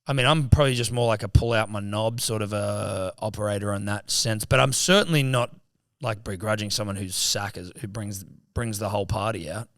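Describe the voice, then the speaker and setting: A man's voice: lowish voice, brisk, vocal fry, fairly bright tone, no echo, clean studio sound. A man with an Australian accent co-hosting a podcast, blunt and jokey in crude casual banter. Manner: blunt, jokey, swears freely. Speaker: podcast co-host.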